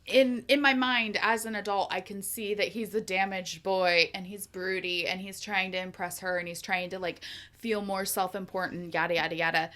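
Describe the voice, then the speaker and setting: A young adult woman co-hosting a podcast, recapping a book in animated casual chat, laughing often and swearing freely. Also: medium pitch, moderate pace. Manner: animated, laughing, swearing, puts on quoted voices. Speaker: podcast co-host.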